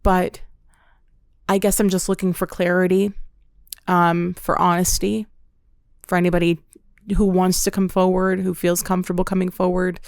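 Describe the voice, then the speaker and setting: Chatty young woman with a gravelly, smooth voice. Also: fairly low pitch, moderate pace, long pauses, no echo, studio quality. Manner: chatty, self-deprecating, deadpan humor. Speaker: podcast host. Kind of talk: casual storytelling chat.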